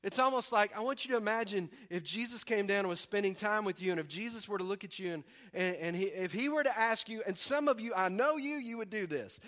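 A man from the preaching a sermon, animated and acting out voices with humor. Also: sits high, fast talker, hardly any pauses. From American South. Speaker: pastor.

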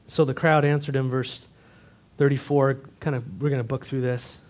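A man's voice: medium pitch, flat delivery, normal speed, a little mellow. A man preaching a sermon to his church, earnest and direct, asking the congregation rhetorical questions. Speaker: pastor.

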